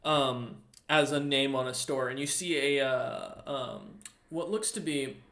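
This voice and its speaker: A man narrating a tabletop game as game master, halting and full of ums and uhs. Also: mid-range voice, gravelly, sharp tone.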